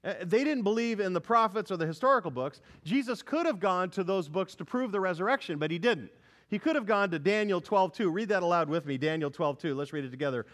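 A man preaching an expository sermon, addressing the congregation directly with questions and rising to forceful declarations. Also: high voice, expressive, fast. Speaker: pastor.

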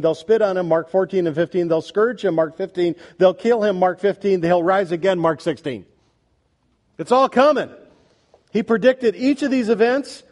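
A male pastor preaching a sermon, swinging between loud, emphatic declarations and quiet, pleading passages. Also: sits high.

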